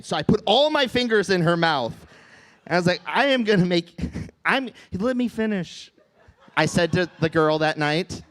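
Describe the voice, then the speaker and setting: Stand-up, man in his 30s, high voice, deadpan and halting, from the Midwest, on a club stage mic. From Midwest United States. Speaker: stand-up comedian. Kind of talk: stand-up set.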